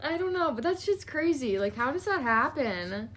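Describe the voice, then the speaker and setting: A young woman chatting casually on a podcast, animated, swearing and laughing often. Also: high voice, normal speed, a crowd in the background. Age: young adult. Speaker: podcast guest. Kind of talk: casual chat.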